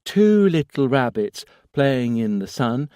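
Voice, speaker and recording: A man's voice: medium pitch, very animated, slow, mellow, smooth, no room sound, studio quality, pitched above the performer's own voice. A man voicing a small boy who recites a nursery rhyme in a childlike sing-song, one line straight into the next. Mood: eerie sing-song. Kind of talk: audiobook character voice.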